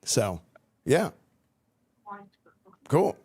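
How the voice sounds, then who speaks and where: A man's voice: medium pitch, extremely slow, gravelly, breathy edge. Laid-back Texan man, mid-range voice. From Texas. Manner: relaxed and slangy, with many fillers and restarts. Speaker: streamer speaking to a school class. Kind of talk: casual chat answering students' questions. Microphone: good streaming microphone.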